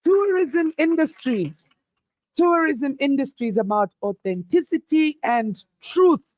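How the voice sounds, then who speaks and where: A woman's voice: high voice, lively intonation, unhurried, darkish tone, no room sound. A woman hosting a live youth event, playful and teasing as she rallies the crowd. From South Africa. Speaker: event host. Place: event venue.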